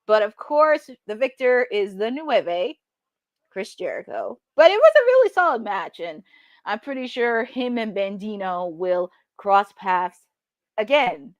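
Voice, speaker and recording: A woman hosting a live watch-along, chatting excitably and laughing often as she reacts to the action. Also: medium pitch, a little slow, no echo, dull audio. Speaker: host.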